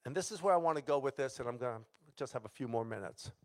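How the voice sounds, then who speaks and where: A man's voice: medium pitch, expressive, quick pace. A male pastor preaching a sermon, telling a story dramatically and acting out the voices of the people in it.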